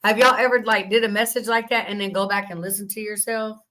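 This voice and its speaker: A woman hosting a livestream, chatting casually with her viewers in a rambling, laughing way, her voice still a little rough from being sick. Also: mid-range voice, steady tone, fast, sharp tone, poor audio. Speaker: livestream host.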